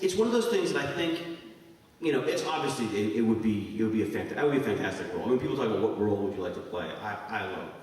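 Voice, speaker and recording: A man in his thirties from Canada, a convention guest answering fan questions on stage in a rambling, jokey way, laughing often. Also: mid-range voice. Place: large convention hall. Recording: echoey hall recorded from far off with noise.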